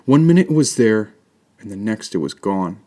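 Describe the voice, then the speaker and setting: A man's voice: on the low side, very animated, normal speed, dark tone. A man voicing a lost, tearful little boy in a storybook reading. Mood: upset. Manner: sobbing, plaintive.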